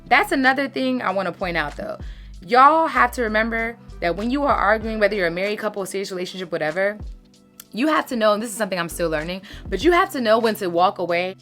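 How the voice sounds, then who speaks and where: A woman's voice: mid-range voice, expressive, fast, a bit bright, soft background music. A woman, giving casual, emphatic advice to her followers as a lifestyle creator. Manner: chatty, emphatic, uses "sis" and "baby".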